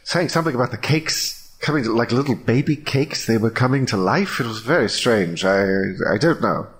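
A man's voice: medium pitch, lively intonation, fairly quick, lightly acted. A jittery townsman hiding out in a tavern, talking in a put-on British accent. He stammers and hedges through every sentence with plenty of ums, as a man voices him in a tabletop game. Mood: nervous. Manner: hesitant, stammering, full of ums. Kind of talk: tabletop role-play, recorded remotely.

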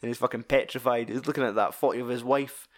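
A man's voice: mid-range voice, steady tone, fast. A Scottish man in casual film-discussion chat, swearing freely as he retells scenes with animation.

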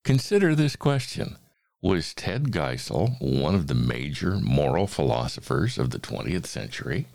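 A man hosting a talk who reads a children's book aloud in a measured, expressive way. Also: a bass voice, creaky. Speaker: host and reader. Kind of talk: reading a picture book aloud.

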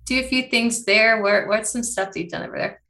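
A woman hosting a casual interview, upbeat and quick to laugh. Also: fairly high pitch, steady tone, bright, forceful tone.

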